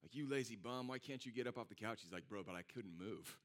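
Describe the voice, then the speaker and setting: A man's voice: on the low side, moderate pace. A man preaching a sermon in a casual, conversational way, telling a personal story and acting out what his friends said. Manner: animated, conversational, acts out quoted friends. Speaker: pastor.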